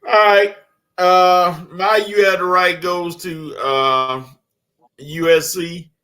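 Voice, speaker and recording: Man, sports co-host, bright tone, easygoing, reads comments. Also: high voice, steady tone, slow pace. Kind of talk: casual sports talk.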